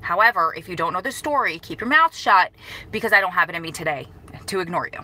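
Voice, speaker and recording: A woman's voice: fairly low pitch, lively intonation, fast talker, sharp tone, rough recording. A woman in her thirties talking casually to her viewers in a live-stream update, emotional and rambling, correcting herself and breaking off to greet people. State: grieving, emotional. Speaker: vlogger.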